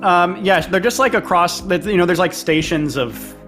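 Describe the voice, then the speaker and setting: Brief: game master, man, chatty narrator, slightly high voice, soft music underneath. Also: normal speed. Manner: chatty, lots of fillers and laughs. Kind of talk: narrating a tabletop role-play game.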